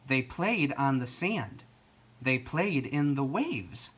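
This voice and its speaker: A storyteller reading a children's picture book aloud, slow and expressive. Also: mid-range voice, husky. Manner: slow, expressive read-aloud with lively intonation.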